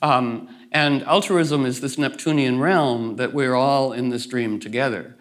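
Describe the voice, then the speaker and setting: A man's voice: medium pitch, a little slow. A man talking as a guest in a reflective conversation, meandering and playful, with many restarts and acted-out asides.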